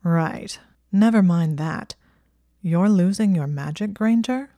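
A woman voicing a smug, sardonic teenage wizard boy who talks in a slow, mocking drawl. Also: fairly low pitch, mellow, dry recording, clean studio sound.

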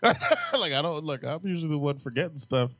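A man's voice: fairly high pitch, wildly swooping pitch, a little fast, fairly bright tone, dry recording. A man hosting a casual movie chat podcast, teasing and laughing often. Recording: dull lo-fi sound.

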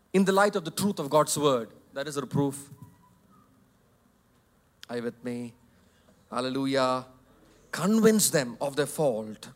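Male pastor, higher register, repeats points, shifts from soft asides to loud emphasis. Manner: emphatic, repetitive, swings between loud and soft. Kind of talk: sermon. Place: church hall.

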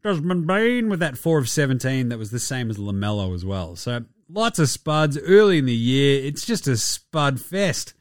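A man's voice: medium pitch, animated, moderate pace, hardly any pauses, dry recording, studio quality. A young Australian man hosting a casual sports podcast, joking and swearing through his talk. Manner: irreverent, sweary, jokey banter. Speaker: podcast host.

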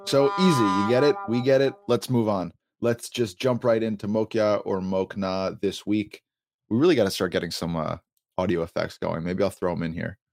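A man's voice: lowish voice, steady tone, moderate pace, creaky. A man hosting a podcast, chatting casually and explaining things at length with small laughs. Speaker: podcast host.

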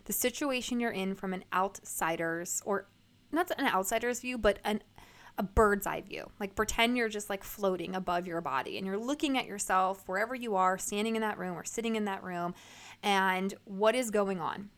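A woman's voice: mid-range voice, normal speed, fairly bright tone. A woman in her thirties hosting a podcast, giving a casual motivational talk, chatty with lots of fillers and free swearing. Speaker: podcast host.

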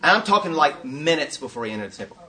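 A man leading an interactive teaching session at a conference, quizzing his audience in an animated way. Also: a little high, fast. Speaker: workshop teacher.

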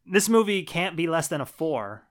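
A man talking through a film recap in a relaxed podcast chat. He swears casually and often lets his sentences drop off softly. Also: fairly high pitch, moderate pace. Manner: laid-back, swears casually, trails off quietly. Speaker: podcast co-host.

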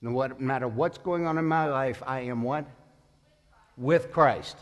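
A man's voice: medium pitch, measured pace, big-room sound. A man in his sixties preaching a sermon as pastor, conversational, putting questions to the congregation. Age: 60s.

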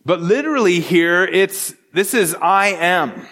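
A pastor with a high-pitched male voice delivers an earnest, conversational sermon, often repeating and restarting his words. The sound carries a long reverb from a church sanctuary. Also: animated, a little slow, bright, forceful tone.

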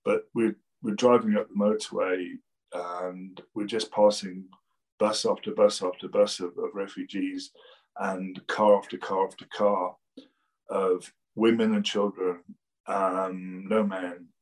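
Plain-spoken low-voiced man. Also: little pitch movement, measured pace, poor audio. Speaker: guest, financial planner. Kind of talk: casual conversation.

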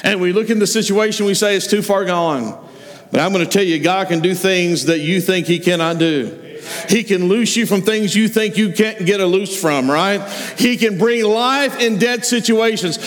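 A man's voice: high voice, normal speed, few pauses. A man preaching a sermon, retelling stories and acting out the voices of the figures he quotes. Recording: long hall reverb.

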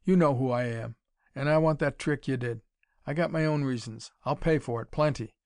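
A man voicing a blunt, menacing male gang boss who rumbles his threats. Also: normal speed, a little mellow, no echo, clean studio sound, natural voice. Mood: threatening.

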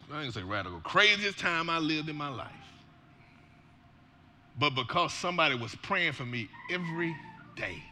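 A man preaching a sermon, shouting with passion and breaking into joking asides. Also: on the high side, a little hiss or hum. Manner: shouting, impassioned Black church preaching cadence.

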